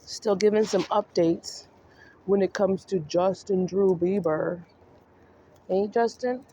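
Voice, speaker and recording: A woman's voice: medium pitch, slow pace, warm tone, a little hiss or hum. A woman vlogger ranting in a scolding, mocking monologue that speaks straight to the person she criticizes. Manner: scolding, mocking, addresses the subject directly.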